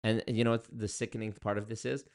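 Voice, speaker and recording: A young man from Canada telling dating stories to camera in a casual, sarcastic monologue, jumping up into loud exclaims. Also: fast talker. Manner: animated, sarcastic, jumps to high exclaims. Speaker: vlogger.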